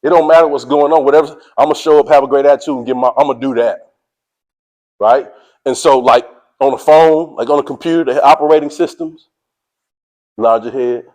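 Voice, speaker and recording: A man giving a motivational speech to a sports team, energetic and preachy, speaking in casual slang and calling out to his listeners. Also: mid-range voice, fairly quick, low-quality recording. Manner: casual slang, drawls "y'all".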